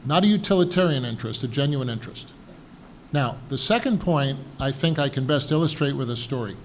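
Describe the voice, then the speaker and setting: A man's voice: fairly high pitch, fairly quick, slight background noise. A man speaking on a conference panel, wry and anecdotal, acting out voices as he tells a story. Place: conference hall.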